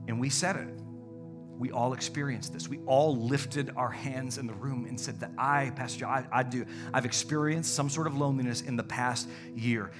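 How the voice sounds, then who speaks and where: A man preaching a sermon as pastor, dynamic, swinging between loud calls and hushed, intimate tones. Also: medium pitch.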